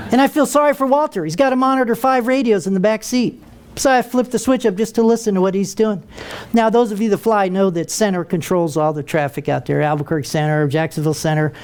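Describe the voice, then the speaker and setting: A man's voice: high voice, darkish tone. An older American man, a retired military pilot, telling a humorous story to an audience in a wry, comic way. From United States. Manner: wry, comic, acts out quoted voices.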